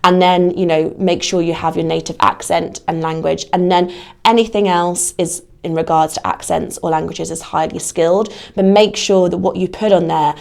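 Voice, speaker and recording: A woman's voice: on the low side, steady tone, moderate pace, vocal fry. A woman giving career advice in a podcast interview, talking conversationally with lots of "you know". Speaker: guest, casting platform adviser.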